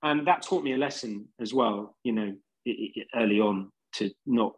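Here a man with London English, a singer in a band, tells meandering, easygoing anecdotes on a podcast, full of fillers. His voice is fairly low and slightly rough at a moderate pace, with poor audio.

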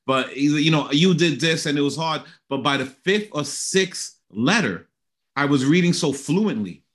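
A middle-aged man, a guest in a conversational interview, sharing a personal testimony in an earnest, animated way. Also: on the high side, a little slow.

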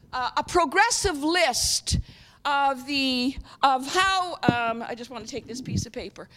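Bright high-voiced woman preaching. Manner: engaging, repeatedly checks with the audience; clears throat often. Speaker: guest speaker. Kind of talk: sermon.

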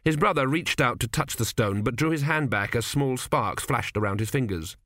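A man narrating a comic fantasy audiobook in a measured, wry reading. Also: medium pitch, fairly bright tone, dry recording, studio quality.

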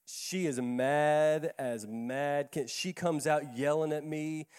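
A man with a fairly high voice tells a sermon story in a folksy, chatty way. He often stumbles and repeats words as he goes. His voice carries a long echo, as in a church hall. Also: takes it slowly, clean tone. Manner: conversational, folksy, repeats words when excited. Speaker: pastor. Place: church sanctuary.

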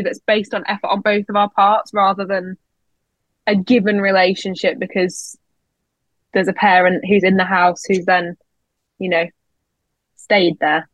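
A woman's voice: mid-range voice, no room sound, poor audio. A woman in her twenties chatting on a podcast, reflective and articulate, with a dry sense of humour. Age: 20s. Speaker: podcast co-host. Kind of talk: casual chat.

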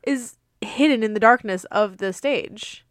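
A woman's voice: on the high side, unhurried, no room sound. A woman co-hosting a podcast, chatting casually and cutting in with dry, wry remarks. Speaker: podcast co-host. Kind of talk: casual chat.

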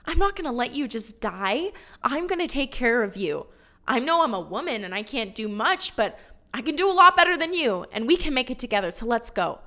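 A woman's voice: a little high, big pitch swings, fairly quick, pushed and bright, heavily acted. A woman voicing a young devoted widow who refuses to leave her mother-in-law, speaking earnestly and reassuringly. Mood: determined.

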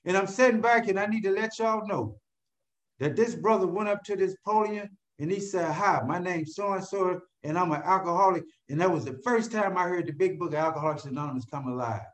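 A man telling his own recovery story to an audience in an animated way. He keeps asking rhetorical questions and calls out to listeners by name. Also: sits high, a little fast. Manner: addresses listeners directly by name. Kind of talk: storytelling talk to a live audience.

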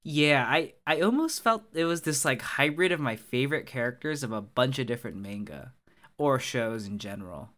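A man's voice: medium pitch, expressive, normal speed, fairly bright tone. A man co-hosting a podcast, chatting casually, often hunting for words and filling with "like" and "dude". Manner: rambling, searches for words, says "like" and "dude". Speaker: podcast co-host. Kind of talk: casual chat.

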